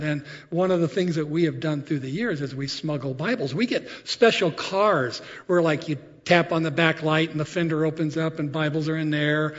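A man preaching a sermon, telling stories in a conversational, animated way with frequent asides. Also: fairly high pitch, long reverb tail, highs cut off. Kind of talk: sermon storytelling.

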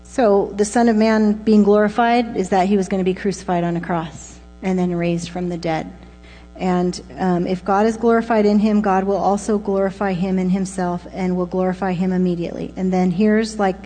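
A woman's voice: medium pitch, fairly even intonation, moderate pace, warm tone, soft background music. A woman preaching a casual, conversational sermon, informal and full of asides. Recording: long reverb with mains hum.

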